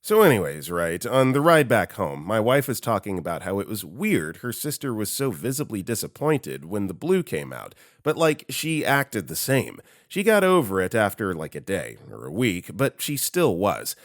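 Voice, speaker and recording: A man reading online stories aloud, with an animated, sarcastic storytelling manner into a close microphone. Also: lowish voice, normal speed, few pauses, no echo. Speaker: story narrator.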